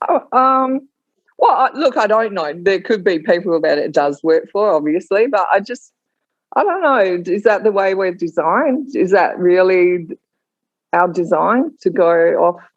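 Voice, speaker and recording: A woman's voice: mid-range voice, animated, measured pace, dry recording. Woman, casual chat, hesitant, argumentative, dry muffled sound. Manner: hesitant, restarts, challenges the other speakers.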